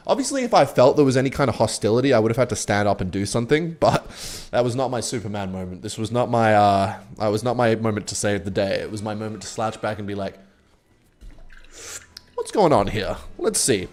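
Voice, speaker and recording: A man's voice: fairly low pitch, fast, darkish tone. Laid-back young man telling a story. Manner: laid-back, rambling, swears freely. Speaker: streamer. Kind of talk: casual storytelling while gaming.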